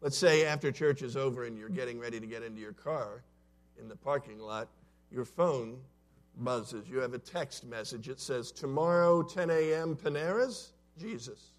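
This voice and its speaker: A man in a church sanctuary preaching a sermon, conversational and story-driven, swinging between loud and soft. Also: mid-range voice, normal speed. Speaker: pastor.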